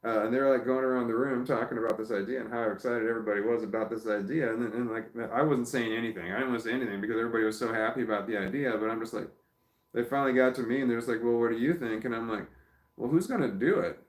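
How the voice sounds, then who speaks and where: A man's voice: medium pitch, fairly even intonation, very fast, reverberant. A man talking casually into his phone at home, rambling and swearing, with many restarts. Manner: rambling, profane, lots of restarts. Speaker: vlogger.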